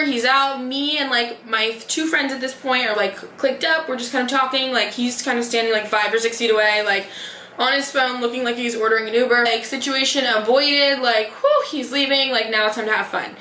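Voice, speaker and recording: A woman's voice: on the high side, sharp tone, a little hiss or hum. Sassy chatty young woman vlogger. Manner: chatty, sassy, profane, heavy use of "like". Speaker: beauty vlogger. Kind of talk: casual story-time chat. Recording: roomy echo.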